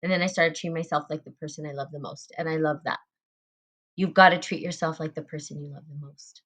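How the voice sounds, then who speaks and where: Woman, slightly low voice, earnest, casual spiritual chat, repeats herself. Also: steady tone, fast talker, a bit bright. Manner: earnest, repeats phrases, frequent fillers. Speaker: podcast host. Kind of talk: casual spiritual group talk.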